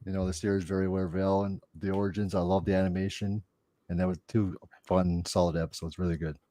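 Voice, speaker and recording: A young man with a lowish voice takes part in a casual chat, sounding laid-back and teasing. The sound is close and dry. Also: flat delivery, fast talker, mellow, dry recording. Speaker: podcast co-host.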